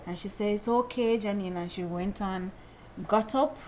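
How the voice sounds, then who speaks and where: A middle-aged woman, telling a personal story in a casual group chat, animated and prone to repeating phrases. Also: medium pitch, moderate pace, slight background noise, poor audio.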